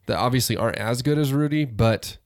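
A man in easy, casual sports chat, sure of his opinions and quick to laugh. His voice sits at an ordinary middle pitch. The sound is close and dry, with no room echo. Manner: laid-back, opinionated, laughs easily. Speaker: podcast co-host.

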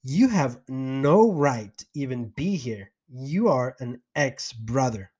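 A man's voice: medium pitch, lively intonation, takes it slowly, a little mellow, breathy edge. A man voicing a stern, domineering older woman who leads a religious community, harsh and falsely sweet.

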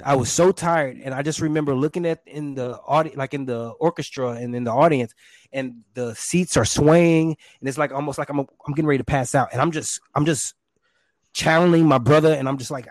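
Man, stage performer guest, animated storyteller, dry close sound. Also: a little high, fairly quick, no room sound. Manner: animated, acts out quotes with shouts and pants. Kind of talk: casual interview storytelling.

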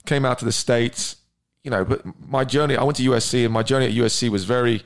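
A man's voice: mid-range voice, fairly even intonation, fast. A man from England with an English accent, a guest telling his story earnestly in a casual interview. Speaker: guest, entrepreneur.

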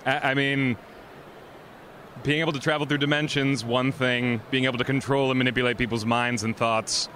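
A man's voice: mid-range voice, little pitch movement, moderate pace, fairly bright tone, a little hiss or hum. Smug costumed man outdoors. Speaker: cosplayer interviewee. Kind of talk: in-character convention interview.

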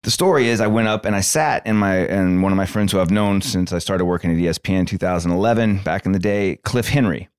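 A man's voice: sits low, fast talker, hardly any pauses, darkish tone, clean tone, dry recording, clean studio sound. A man hosting a sports podcast, telling a story in a laid-back way with lots of fillers. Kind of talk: casual chat.

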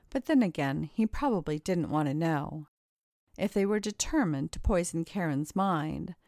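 A woman narrating an erotic story in a smooth, measured storytelling manner into a close microphone. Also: on the low side, dark tone, dry recording.

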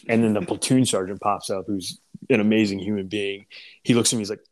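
A man's voice: lowish voice, steady tone, moderate pace, pauses often, a little mellow, low-quality recording. A man, a former first sergeant, telling a loose, profane army story in casual talk and acting out the voices of the people in it. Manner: laid-back, swearing, acts out quoted voices.

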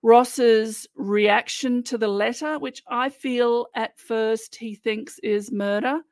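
A woman's voice: on the high side, takes it slowly, a little mellow, no echo. A woman co-hosting a podcast, chatting and recapping scenes with amusement. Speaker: podcast co-host. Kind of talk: casual podcast chat.

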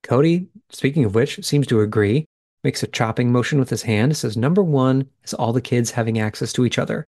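Speaking a little fast in a mid-range, darkish voice, this podcast host gives casual recap commentary on episodes, thinking out loud and reacting as he goes. The sound is dry and studio-clean.

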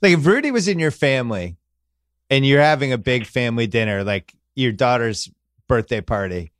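A man's voice: medium pitch, lively intonation, normal speed, no room sound, studio quality. A man hosting a podcast in casual chat, telling loose, rambling, joking stories. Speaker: podcast host.

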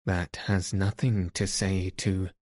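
Anxious young nobleman, urgent and low, as a man reads him. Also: flat delivery, slow pace, a little mellow, dry recording, clean studio sound.

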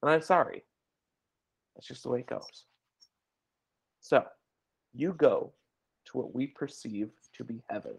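A man's voice: mid-range voice, expressive, measured pace, creaky, long pauses, slightly rough. A man hosting a podcast who jokes around and sets up absurd scenarios for his guest. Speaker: podcast host. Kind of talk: casual interview chat.

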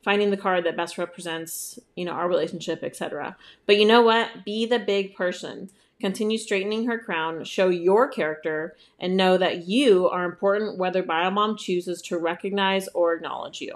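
A woman co-hosting a casual chat in a relaxed way, reading listener messages aloud. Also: fairly low pitch, normal speed, few pauses. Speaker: podcast co-host, stepmom.

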